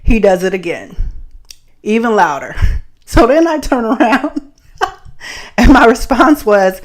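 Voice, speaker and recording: A woman from the Bay Area hosting a podcast, telling a story in a blunt, profane, animated way and laughing often. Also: mid-range voice, slow. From San Francisco Bay Area. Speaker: podcast host. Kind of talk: casual storytelling monologue.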